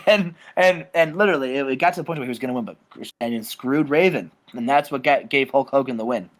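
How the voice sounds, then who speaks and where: A young man casually narrating a wrestling booking game, rambling and animated. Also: medium pitch, fast talker. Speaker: game show co-host.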